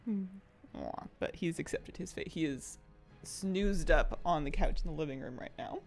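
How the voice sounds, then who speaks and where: A woman streaming from a dim room at home, chatting casually and giggling, sometimes slipping into a baby voice for her pets. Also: mid-range voice. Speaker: game streamer. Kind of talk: casual live-stream chat.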